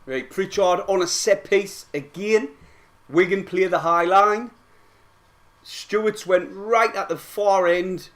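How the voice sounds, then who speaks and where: A young man, excitably commentating on a football match for his live-stream viewers and swearing freely. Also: high voice, takes it slowly.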